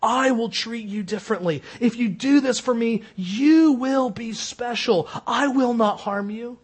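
A man voicing a sly, deceitful rattlesnake with a hushed, coaxing whisper as he tells a story in a sermon. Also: very high voice, unhurried, breathy edge, voice pushed up, full character voice.

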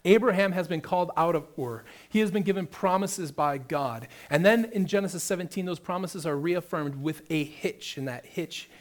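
A man's voice: on the high side, moderate pace, few pauses. A man preaching a sermon, reading scripture aloud and then explaining it with rising emphasis. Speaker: pastor.

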